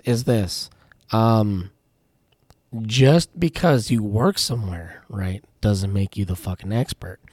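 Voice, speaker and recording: A man's voice: on the low side, a little mellow, no echo. A man co-hosting a casual podcast, ranting through profane stories about his work at a tire shop. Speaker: podcast co-host.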